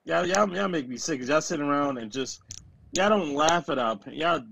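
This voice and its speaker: A man co-hosting a casual sports podcast, ranting and self-mocking in animated bursts. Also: fairly high pitch, moderate pace, vocal fry, a little hiss or hum. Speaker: podcast co-host.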